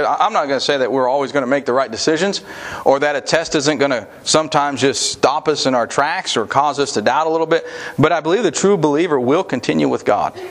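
A man preaching a sermon in a conversational way, with asides and restarts. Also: mid-range voice. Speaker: pastor.

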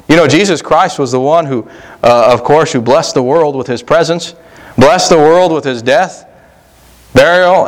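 A male pastor preaching a sermon in a folksy, conversational way, slowing down to stress key words. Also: on the high side.

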